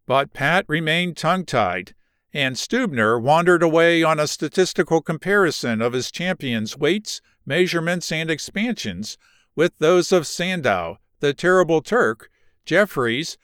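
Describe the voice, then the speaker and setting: A man narrating a novel in an expressive, measured reading. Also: on the high side, smooth, no echo, studio quality. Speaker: audiobook narrator. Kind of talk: scripted narration.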